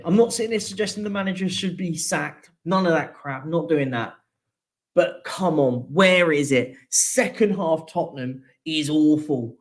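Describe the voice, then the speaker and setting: A young man hosting a live football reaction show, venting his frustration in a repetitive, emphatic rant. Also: on the high side. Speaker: football fan channel host.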